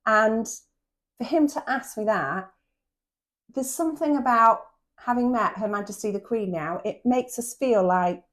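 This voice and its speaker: A middle-aged English woman from England, chatting excitedly and fast as a podcast co-host. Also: on the high side. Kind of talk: casual chat.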